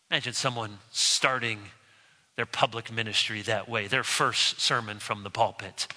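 A man's voice: mid-range voice, moderate pace, bright, forceful tone, long reverb tail, low-quality recording. A man preaching a sermon as pastor from the pulpit, with wry rhetorical questions and mock-incredulous asides. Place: church sanctuary, speaking from pulpit.

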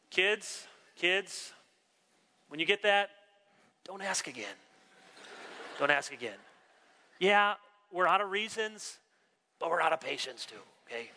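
A man preaching a sermon, animated, acting out the quoted dialogue of his story. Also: on the high side, normal speed. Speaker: pastor. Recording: long reverb of a large hall.

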